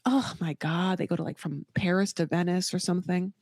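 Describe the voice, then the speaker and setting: A woman's voice: lowish voice, steady tone, a little fast, darkish tone, dry recording. A woman hosting a podcast, recapping a reality show in a chatty, campy way and calling the listener honey. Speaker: podcast host. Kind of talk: casual solo recap commentary.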